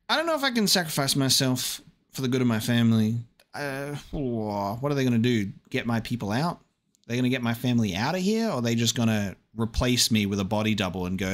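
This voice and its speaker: A man's voice: medium pitch, fairly bright tone. Young male gaming creator, casual commentary, mutters and swears. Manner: chatty, muttering while checking, swears. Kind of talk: casual let's-play commentary.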